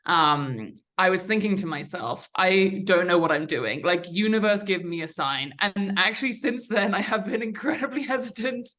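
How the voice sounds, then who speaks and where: Podcast guest, young woman, low-pitched and bright, candid and chatty. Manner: candid, chatty, many fillers and restarts. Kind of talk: conversational storytelling.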